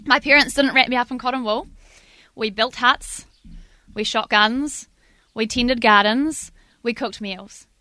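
Brief: middle-aged NZ woman storyteller, lively and self-mocking, fairly high, dry close sound. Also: measured pace, pauses often, no room sound. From New Zealand. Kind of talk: spoken storytelling to a live audience.

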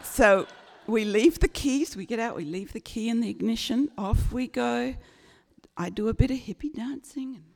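Older woman from Australia, slow chatty storyteller, gravelly edge, long hall reverb. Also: a little high, a little mellow. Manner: chatty, self-mocking, full of fillers. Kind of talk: told personal story.

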